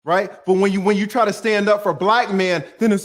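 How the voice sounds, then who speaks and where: A middle-aged man, an attorney hosting a livestream, talking bluntly and emphatically, swearing freely and pushing his voice toward a shout when challenged. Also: sits high, steady tone, brisk, few pauses. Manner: raises voice to near-shouting when provoked. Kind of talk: heated livestream talk.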